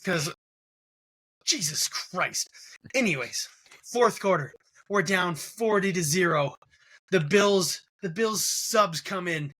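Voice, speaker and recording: Casting: bright-toned New York man, sports podcast host who rants and swears constantly. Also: high voice, expressive, slow pace, long pauses, slightly rough. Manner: profane, ranting. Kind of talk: casual sports podcast chat.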